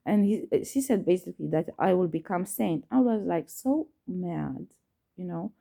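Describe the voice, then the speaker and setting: A woman recounting a personal story to her viewers in a low, gravelly voice with a dark, mellow tone. She hesitates often, restarts her sentences and fills pauses with ums. She leans hard on repetition and lets a curse slip when upset. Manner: emphatic, repeats herself. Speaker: vlogger.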